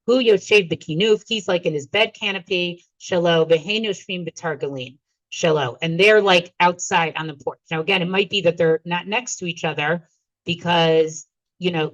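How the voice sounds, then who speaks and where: A woman with a fairly low voice teaches a Talmud class. She reads each passage aloud and then translates and explains it, asking "okay?" and "right?" along the way. The recording is dull and lo-fi, with a close, dry sound. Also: a bit bright, no echo.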